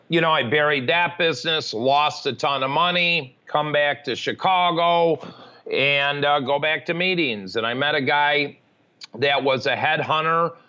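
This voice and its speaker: A man's voice: on the high side, measured pace, bright, forceful tone, smooth, dull audio. A man telling his life story frankly and matter-of-factly as a podcast guest. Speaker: podcast guest, recovery advocate. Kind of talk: candid storytelling interview.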